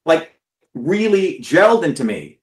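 A man's voice: a little high, very animated, unhurried, echoey room. A man giving an impassioned, profane talk to his followers, stressing and repeating words. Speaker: political speaker.

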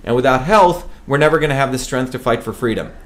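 A man's voice: mid-range voice, fast talker. A man from India running for office, speaking emphatically to camera and often stumbling on and repeating his words. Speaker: political candidate hosting a web show. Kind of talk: campaign talk to camera.

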